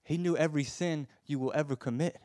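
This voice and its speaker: Guy preaching hard then going quiet, stumbles on words, dry close sound. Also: fairly high pitch, fast, dry recording. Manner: impassioned, swings from loud urging to soft hush; stammers and repeats words. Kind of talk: sermon.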